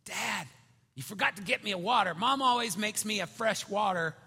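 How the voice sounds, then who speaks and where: A woman's voice: moderate pace, bright, forceful tone, breathy edge, in a large hall, heavily acted. A man voicing his young daughter who keeps getting out of bed at night. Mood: pleading. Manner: high pleading child voice. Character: little girl stalling at bedtime.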